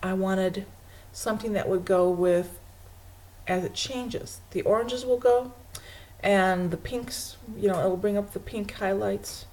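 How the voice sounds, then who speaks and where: A woman's voice: mid-range voice, measured pace, darkish tone. A woman hosting a knitting video podcast from home, chatting casually and laughing often while she shows her projects to a webcam.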